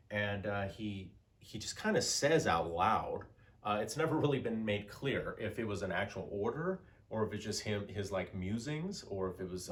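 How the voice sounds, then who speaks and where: A man giving a casual history lecture, telling the story conversationally with many fillers and acting out quoted lines. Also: on the low side. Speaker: teacher.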